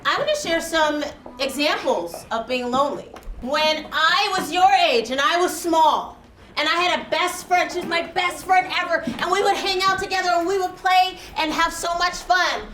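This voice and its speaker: A high-voiced woman teaches young children their vocabulary, stretching each word out and coaxing answers from the class. The classroom rings with echo, and steady noise runs under her voice. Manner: animated, drawn-out teacher prompts. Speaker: first grade teacher. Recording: echoey classroom with background noise.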